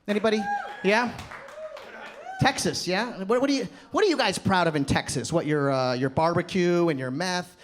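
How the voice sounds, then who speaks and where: A man in his thirties from the American South, doing an animated stand-up comedy set on a club stage into a handheld mic. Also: high voice, moderate pace. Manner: animated, jokey, acts out characters. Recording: live club with crowd noise.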